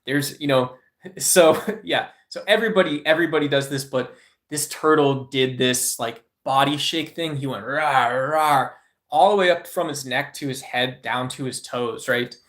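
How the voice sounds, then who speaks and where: A man talking to his livestream chat in a casual, wandering way. He fills his sentences with "um" and "you know", and he often checks in with a quick "right?". His voice sits at an ordinary middle pitch. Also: fairly bright tone. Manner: rambling, with frequent filler words and tag questions.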